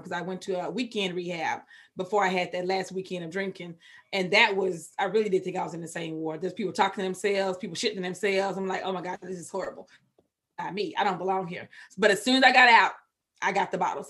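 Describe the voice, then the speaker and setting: A Texan woman telling her recovery story as a podcast guest, candid and emotional, with sudden loud outbursts. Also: fairly low pitch. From Texas.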